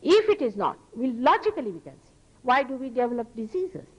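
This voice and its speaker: A woman's voice: fairly high pitch, sing-song, husky, muffled recording. Earnest Indian woman giving a spiritual lecture. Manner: earnest, emphatic, moralizing, with pauses and restarts. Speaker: spiritual teacher.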